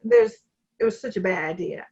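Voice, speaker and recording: A woman's voice: mid-range voice, wildly swooping pitch, moderate pace, a little mellow, lo-fi sound. A woman co-hosting a podcast, chatting casually about a movie and laughing easily over a video call. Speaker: podcast co-host. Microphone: home computer mic on a video call.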